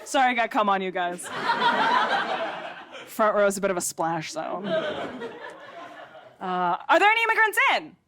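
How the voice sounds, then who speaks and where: A woman with an American accent performing a stand-up set on a theatre stage, delivering sardonic, deadpan asides to the audience. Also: mid-range voice, measured pace, pauses often, over a noisy crowd, very noisy. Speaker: stand-up comedian.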